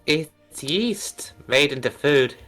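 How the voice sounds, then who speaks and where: Playful tabletop player, bright tone, animated pitch, soft music behind. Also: takes it slowly. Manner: playful, in-character banter. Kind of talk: casual chat at a tabletop game.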